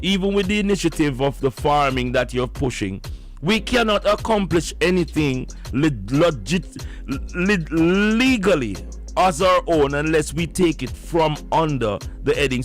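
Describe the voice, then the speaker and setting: A man hosts a fiery call-in radio show. His voice sits a little high, and his fervent, preachy delivery keeps circling back on repeated words. Faint music plays underneath. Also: lively intonation, measured pace. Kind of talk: impassioned call-in talk radio.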